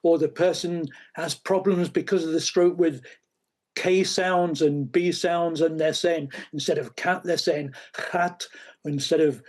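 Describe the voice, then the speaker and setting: A man's voice: on the high side, steady tone, a little mellow. A man, a guest expert, giving explanatory interview answers with frequent fillers and restarts. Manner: halting, many fillers and restarts.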